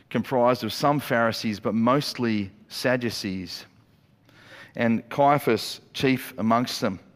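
A man preaching a sermon as a pastor, telling the story in a lively way with quick acted-out asides. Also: mid-range voice. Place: church auditorium. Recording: long reverb of a church hall.

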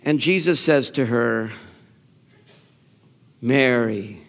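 Slow preaching man in an echoing hall. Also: fairly high pitch. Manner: animated storytelling, acts out quotes, laughs. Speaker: pastor. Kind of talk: sermon. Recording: long reverb of a large hall.

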